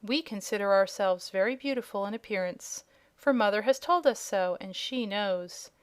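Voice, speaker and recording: A woman's voice: medium pitch, normal speed, clean tone, natural voice. Woman reading as a proud young dragonette. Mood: haughty polite. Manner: polite, regretful, slightly haughty. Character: proud young male dragonette, scaly and hungry. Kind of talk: audiobook character voice.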